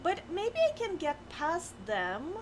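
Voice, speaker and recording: A woman co-hosting a game stream in casual, excitable chat, often flustered. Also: extremely high pitch, takes it slowly, slight background noise. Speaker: streamer co-host.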